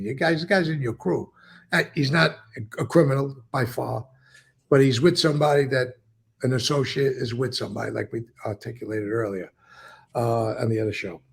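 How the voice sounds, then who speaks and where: An older man, a former mob member telling stories in an interview and acting out what others said. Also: medium pitch. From New York. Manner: gravelly, profane, tells stories acting out quotes. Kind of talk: conversational interview.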